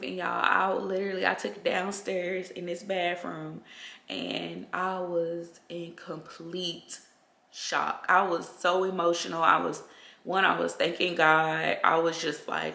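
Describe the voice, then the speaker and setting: Gravelly young woman in an echoey room. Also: fairly low pitch, little pitch movement, measured pace, bright, forceful tone. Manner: chatty, often addresses viewers as y'all. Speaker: vlogger. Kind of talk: casual personal story to viewers. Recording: roomy echo.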